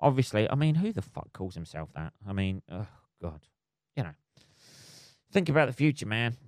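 A man's voice: on the low side, very animated, normal speed, a little mellow, no room sound, studio quality. A man hosting a solo podcast, rambling, swearing and laughing at his own jokes. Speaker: podcast host.

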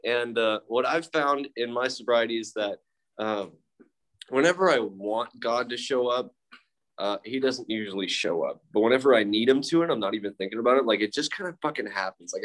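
Speaking briskly in a mid-range, fairly bright voice, a young man shares his own story at a recovery meeting. The storytelling is casual and candid, laced with profanity, self-mockery and many fillers.

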